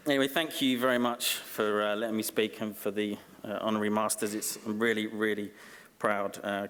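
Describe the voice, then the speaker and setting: A man giving a comic, self-deprecating acceptance speech at a graduation ceremony, dry and halting with ums. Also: on the low side, fairly bright tone. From Essex, England. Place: large graduation ceremony hall. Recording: long hall reverb.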